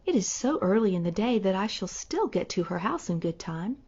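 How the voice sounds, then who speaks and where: A woman voicing an innocent, cheerful young girl in a storybook, speaking slowly and earnestly. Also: mid-range voice, big pitch swings, a little mellow, slightly rough, muffled recording. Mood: eager.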